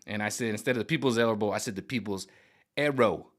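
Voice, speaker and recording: A man ranting to camera in an animated, mocking, rambling monologue. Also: lowish voice, fast. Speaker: vlogger. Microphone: camera on gimbal.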